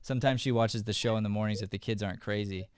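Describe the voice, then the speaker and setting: A man's voice: fairly low pitch, steady tone, fast talker, darkish tone, clean tone, no room sound, clean studio sound. A man hosting a podcast, chatting casually and encouragingly with a guest, often repeating his words. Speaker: podcast host. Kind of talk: casual interview chat. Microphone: phone call interview.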